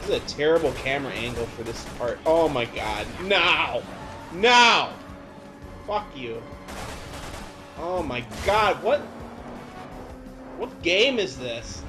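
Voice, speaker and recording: A man with a medium-pitched, expressive voice speaks at a measured pace and pauses often. He's doing casual let's-play commentary over game music, sounding exasperated, swearing a lot, and yelping in frustration.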